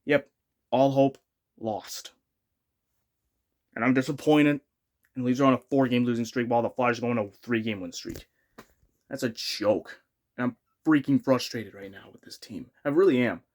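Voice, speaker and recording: A man's voice: medium pitch, normal speed, long pauses, darkish tone. A young man ranting as a frustrated sports fan vlogger, exasperated and repeating himself.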